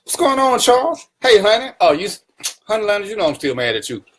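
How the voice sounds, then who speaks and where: Man, live-stream host, slightly high-pitched, playful, teasing, casual banter, home webcam. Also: very animated, quick pace. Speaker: livestream talk show host.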